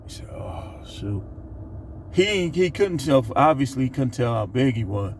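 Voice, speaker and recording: A middle-aged man telling a funny work story in a casual, animated monologue. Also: mid-range voice, moderate pace, creaky, a little hiss or hum. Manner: animated, laughs while telling. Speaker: vlogger.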